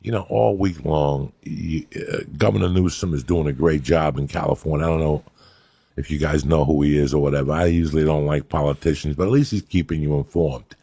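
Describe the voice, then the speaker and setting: Gravelly New storyteller, profane. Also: male voice, a bass voice, brisk, no room sound. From New Jersey. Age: older. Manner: profane, animated street storytelling. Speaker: host. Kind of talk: casual storytelling monologue.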